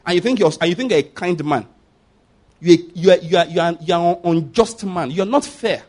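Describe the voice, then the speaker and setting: A man preaching a sermon as pastor, emphatic, often asking the congregation if they follow and swinging between loud and hushed delivery. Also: high-pitched, fairly quick.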